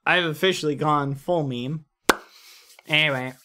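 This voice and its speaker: A man's voice: on the high side, a little slow, background noise. A man streaming live, chatting casually in a rambling, jokey way.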